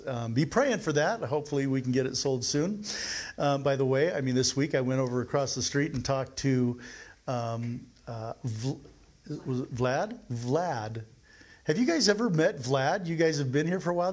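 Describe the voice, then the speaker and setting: Middle-aged male pastor, somewhat high voice, casual sermon delivery with frequent questions to the room. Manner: conversational, asks the congregation questions. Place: church.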